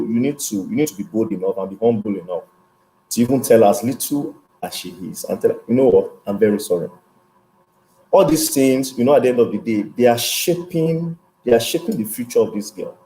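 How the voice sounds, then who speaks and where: A man's voice: medium pitch, lively intonation, fairly quick, warm tone, poor audio. A man as a guest speaker, giving earnest, instructive advice in an interview. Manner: earnest, instructive, checks in with "okay?".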